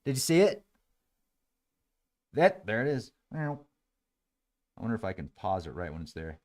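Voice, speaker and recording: A man's voice: on the low side, sing-song, a little mellow. A man hosting his own show, musing aloud and joking sarcastically as he comments on live webcam footage. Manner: musing, sarcastic, quick to laugh. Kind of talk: casual thinking-aloud commentary.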